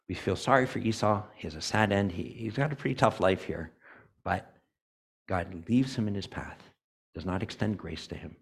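Man, church elder preaching, deep voice, gravelly, conversational sermon, voices characters' thoughts.

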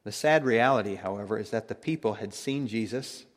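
A man preaching a sermon, emphatic, swinging between loud declarations and hushed tones. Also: on the low side, fairly quick, big-room sound.

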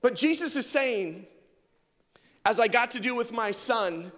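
A man's voice: extremely high pitch, expressive, unhurried, fairly bright tone. A man preaching a sermon as pastor, impassioned and calling out to the congregation for responses. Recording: long reverb of a large hall.

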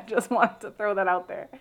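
A woman's voice: mid-range voice, fairly bright tone. A woman co-hosting a casual discussion, thoughtful and searching for words as she talks. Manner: thoughtful, talks with many fillers and restarts.

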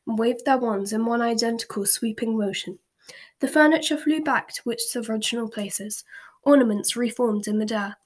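A woman reads a story aloud in a slow, hushed whisper, now and then tripping over a word. Her voice is breathy and sits a little high. It is a soft, whispered storybook reading. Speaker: story reader.

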